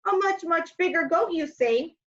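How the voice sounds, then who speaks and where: A woman's voice: very high-pitched, expressive, moderate pace, fairly bright tone, highs cut off, voice pushed up. A woman voicing a hungry, bossy male troll in a read-aloud storybook, roaring his lines. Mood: demanding.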